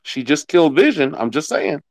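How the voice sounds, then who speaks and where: A middle-aged man chatting casually during a watch-along, his voice swinging up and down as he jokes. He sits a touch high in pitch, and the sound is dry and close. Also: moderate pace, no room sound. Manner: animated, jokey storyteller. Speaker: podcast co-host. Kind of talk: casual chat while watching a film.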